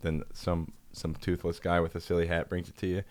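A man with a very deep voice hosts a loose, jokey chat. He rambles and riffs as he reads emails out loud. The sound is dry and close. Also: flat delivery, brisk, no echo. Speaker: podcast host. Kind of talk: casual chat.

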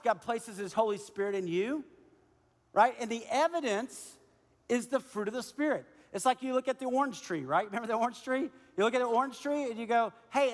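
Pastor, male, lively conversational sermon, high voice, church hall with a long reverb tail. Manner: energetic, conversational preaching with acted-out dialogue. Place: church auditorium.

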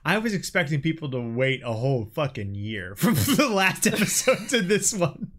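Man, podcast co-host, lively and swearing, slightly high. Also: moderate pace. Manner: laughs often, swears casually. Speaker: podcast co-host reading his own script. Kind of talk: casual podcast chat.

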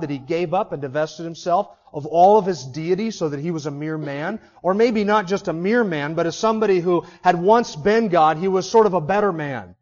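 A man's voice: sits high, a little mellow, lo-fi sound. A man preaching an expository sermon as pastor, teaching emphatically through rhetorical questions.

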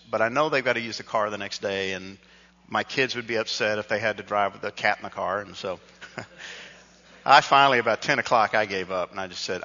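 Bright-voiced pastor, echoing hall. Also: male voice, fairly low pitch. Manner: conversational storytelling, self-deprecating. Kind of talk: sermon with personal story. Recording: dull sound with long hall reverb.

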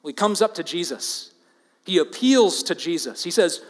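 A man with a somewhat high voice delivers an earnest expository sermon. He leans hard on key words and then drops to quiet asides. His voice carries a long reverb, as if from a large hall or sanctuary. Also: expressive, normal speed. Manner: earnest, emphatic, swings between loud stress and quiet asides. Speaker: preacher.

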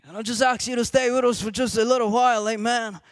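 A man preaching a sermon to a congregation, repeating "amen" often and rising to shouted emphasis. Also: very high-pitched, fairly even intonation, fast talker, no echo.

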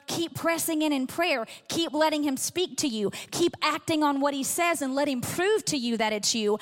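A woman's voice: high-pitched, brisk. A middle-aged woman pastor giving an earnest, conversational sermon, acting out little quoted exchanges as she teaches. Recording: long hall reverb.

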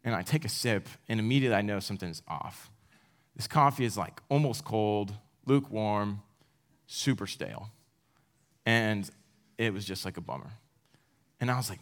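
A man's voice: on the low side, normal speed, pauses often, fairly bright tone. Young man giving a casual sermon. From United States. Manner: casual, self-deprecating, with laughs. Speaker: campus speaker. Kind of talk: sermon to college students.

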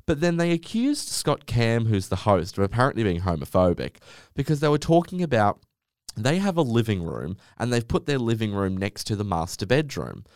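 Sarcastic, sweary man, lively pitch. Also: normal speed, no room sound, clean studio sound. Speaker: podcast host. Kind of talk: solo podcast rant.

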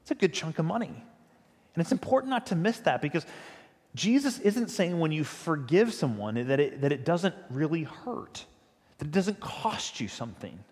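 A man's voice: on the high side, very animated, normal speed, a little mellow. A male pastor giving a sermon in a conversational, emphatic storytelling manner. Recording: long reverb of a large hall.

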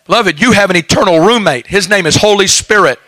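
Male preacher, folksy storytelling sermon, bright tone, high voice. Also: fast, no room sound, rough recording. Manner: folksy storytelling with lively asides.

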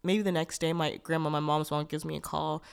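A woman's voice: deep voice, flat delivery, fairly quick, vocal fry, clean tone. A young woman hosting a podcast, telling a personal story in a rambling, candid way, full of "like" fillers, restarts and blunt swearing. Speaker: podcast host.

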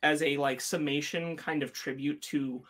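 A man's voice: on the high side, steady tone, normal speed, fairly bright tone. A man co-hosting a podcast, talking through a review in a casual, hesitant way with many ums and uhs. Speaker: podcast co-host.

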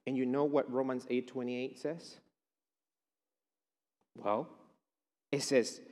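A man's voice: mid-range voice, normal speed, long pauses, dark tone, in a large hall. A man preaching a chapel sermon, emphatic and declaring. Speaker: chapel speaker.

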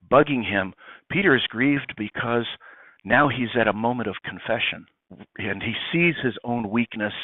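A priest telling a story in a lively way, acting out the dialogue. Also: male voice, mid-range voice, no room sound. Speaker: priest guest. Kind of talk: animated conversational reflection. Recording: tinny phone-like sound, dry.

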